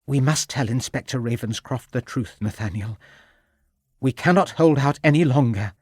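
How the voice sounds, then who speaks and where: Man doing a soft pleading proper lady, a bit higher, dry audiobook sound. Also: moderate pace, breathy edge, dry recording, close to an everyday voice. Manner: soft, imploring. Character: anxious, pleading genteel lady. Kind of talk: audiobook character voice.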